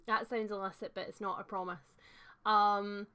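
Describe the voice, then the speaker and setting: A young woman hosting a casual livestream book chat, talking warmly and chattily, reading out viewer comments with fillers and laughs. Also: medium pitch, flat delivery, normal speed, clean tone.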